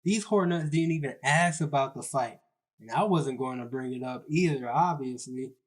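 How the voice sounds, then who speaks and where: A man's voice: mid-range voice, moderate pace. A young man narrating a comedy story in a casual, slangy, self-mocking way.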